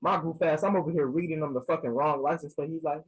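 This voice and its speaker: A young man in college telling a casual storytime tale, slangy and animated, acting out both sides of a phone call. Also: a little high, fast, slightly rough. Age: young adult.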